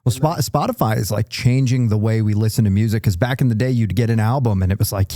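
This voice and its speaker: A man's voice: on the low side, fast talker, few pauses, dark tone, dry recording, clean studio sound. A man hosting a casual podcast interview, chiming in with short, laid-back comments. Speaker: podcast host.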